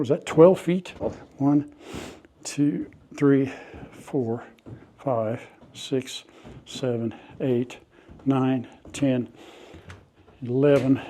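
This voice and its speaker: Folksy older man, warm voice. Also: medium pitch, a little hiss or hum. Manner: folksy, chatty, talks to viewers while cleaning out a shed. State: coughing from dust at times. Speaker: farm vlogger. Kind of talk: casual narration while working. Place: old farm outbuilding and yard.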